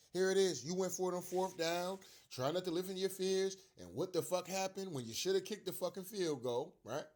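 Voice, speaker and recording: A young man tears into his team's coaching in a profanity-laced fan rant. His pitch sits a little high and swings widely as he hammers points over and over. He talks with loose, emphatic slang. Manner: profane, emphatic, repeats himself. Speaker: sports fan commentator. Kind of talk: heated sports rant.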